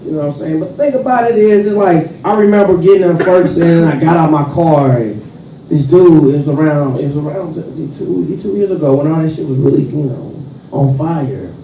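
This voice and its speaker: A man with a St. Louis accent doing a stand-up comedy set, animated, swinging between loud and soft and acting out characters. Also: a little high, brisk. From St. Louis, USA. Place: comedy club stage with audience. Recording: roomy club sound from a distance, audience noise.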